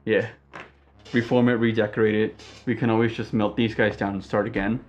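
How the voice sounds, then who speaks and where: A man co-hosting a do-it-yourself prop build, calmly talking through the steps in a relaxed, casual way. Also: lowish voice, fairly quick, highs cut off. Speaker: co-host of a DIY prop-making channel. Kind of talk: casual chat while crafting. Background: background music.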